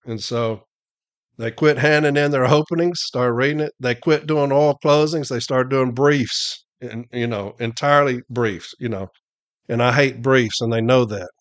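Middle-aged man, brash storyteller, profane, average pitch. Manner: brash, profane, laughs at his own stories. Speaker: union advocate and podcast guest. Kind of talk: casual storytelling.

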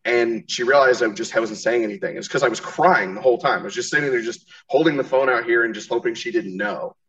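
A man's voice: mid-range voice, fast, a bit bright, recorded from a distance. A man talking loosely on a podcast, circling his point with restarts and swearing. He sits a little back from the microphone, and the sound is dull and lo-fi. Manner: rambling, profane, restarts often. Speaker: podcast host. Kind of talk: casual interview chat.

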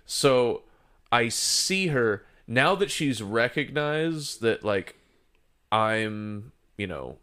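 A man's voice: fairly low pitch, fairly bright tone. Rambling man laughing through a story. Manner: rambling, laughing, profane, full of fillers. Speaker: podcast host telling a story. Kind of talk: casual storytelling chat.

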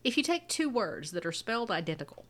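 A woman's voice: mid-range voice, sing-song, fast talker, fairly bright tone. A young adult woman co-hosting a podcast, rambling through a casual chat, laughing often and restarting her sentences. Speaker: podcast co-host.

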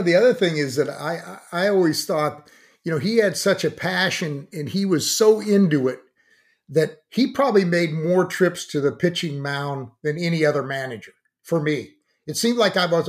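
Reflective male podcast co-host. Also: high-pitched. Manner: reflective, halting with restarts. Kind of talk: casual podcast chat.

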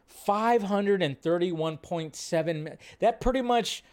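A man hosting a casual live-stream about movie news. His voice sits fairly high. He talks with plenty of enthusiasm and riffs by repeating words over and over. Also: measured pace, darkish tone, smooth.

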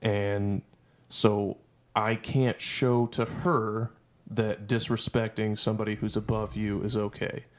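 A man's voice: on the low side, flat delivery, takes it slowly. A man telling a heated army story on a podcast, swearing constantly and ranting. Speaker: podcast guest. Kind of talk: casual storytelling.

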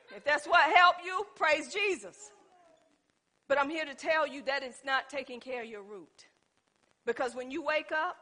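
A woman's voice: high-pitched, bright, forceful tone. A woman preaching a sermon, speaking informally to the congregation and building from conversational talk to impassioned calls. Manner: informal, addresses the congregation as y'all.

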